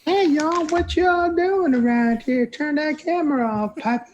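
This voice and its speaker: A man putting on a bossy young Southern boy's voice, with a loud drawling Southern accent and a dull lo-fi sound. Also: very high-pitched, unhurried, voice pushed up.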